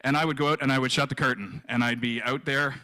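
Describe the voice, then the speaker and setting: A man in his fifties telling his own story at a live event, his voice bright and forceful. He stops and restarts, repeating his words as the emotion builds. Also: mid-range voice, steady tone, rough recording. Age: 50s. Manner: halting, repeats himself, emotional. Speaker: guest speaker sharing his story.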